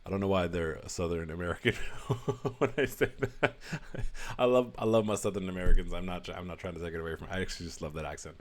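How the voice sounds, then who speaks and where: A man's voice: low voice, fairly even intonation, racing, hardly any pauses. A man casually talking through scripture verses, musing aloud and laughing at himself now and then. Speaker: host discussing Quran verses. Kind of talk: casual commentary.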